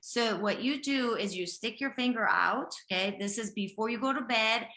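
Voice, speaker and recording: A woman's voice: fairly high pitch, moderate pace, pushed and bright, roomy sound. A woman from Japan with a slight Japanese accent and Japanese as her first language, hosting a live health reading and talking directly and insistently, often checking in with "okay?". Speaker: intuitive health reader hosting a live session. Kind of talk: live one-on-one reading with a participant.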